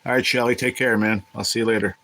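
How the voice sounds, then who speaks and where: A man's voice: on the low side, steady tone, fast talker, bright, forceful tone, poor audio. A man hosting a casual livestream, talking in a blunt, profane, irritated way. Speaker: livestream host.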